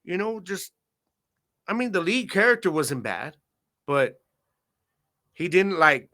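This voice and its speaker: A man in his thirties hosts his own sports podcast in a loose, chatty way, dropping "man" and "you know" into almost every sentence. His voice sits a bit high and rings bright and forward. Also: big pitch swings, slow. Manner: laid-back, slangy, lots of "man" and "you know". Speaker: podcast host. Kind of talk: casual solo podcast talk.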